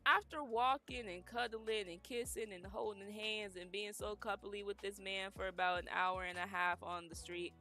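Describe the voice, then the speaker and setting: A young woman streaming and telling a story in a casual, animated, emphatic way. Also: medium pitch, moderate pace, hardly any pauses, soft background music. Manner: animated, emphatic, dramatic retelling.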